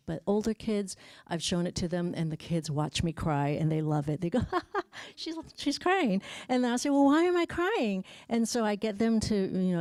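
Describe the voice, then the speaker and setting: A woman speech-language pathologist giving a parent education class, narrating a video with lively exclamations. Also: low-pitched, gravelly, dry recording, clean studio sound. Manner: animated, exclaiming while narrating a video for kids.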